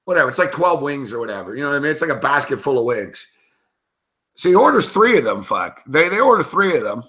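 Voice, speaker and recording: A man's voice: mid-range voice, big pitch swings, fast, sharp tone. A man hosting live betting commentary, telling a rambling, profane story with plenty of laughs between game calls. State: tipsy, recounting a night of drinking. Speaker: sports betting show host.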